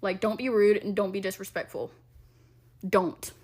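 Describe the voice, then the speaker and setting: A young woman telling a casual storytime about a rude customer, animated and exasperated, acting out the dialogue. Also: mid-range voice, a little fast.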